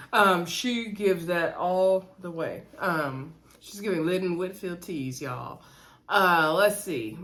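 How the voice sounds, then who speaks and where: A woman hosting a casual recap, talking straight to her viewers in a chatty, lively way. Her voice sits a little low for a woman, and she acts out the scenes as she retells them. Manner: chatty and animated, retelling scenes with quoted dialogue. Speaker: reality show recap host.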